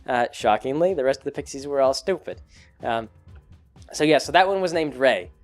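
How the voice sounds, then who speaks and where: A man's voice: mid-range voice, expressive, moderate pace, soft background music. A man casually recounting a tabletop campaign he ran as game master, rambling with many fillers. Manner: rambling, full of fillers and restarts. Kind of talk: casual chat.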